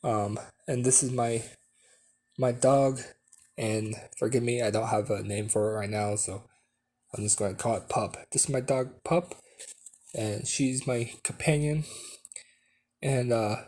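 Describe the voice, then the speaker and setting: A man voicing a determined young girl ninja student in a fan story, speaking in a halting, hesitant way. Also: mid-range voice, fairly even intonation, a little mellow, lightly acted.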